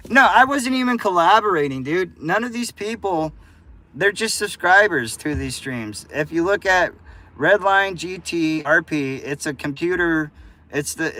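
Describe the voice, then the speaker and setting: An American man live-streams and chats casually with viewers, ranting at the chat in a profane, combative way. His voice is fairly high, pushed, and bright.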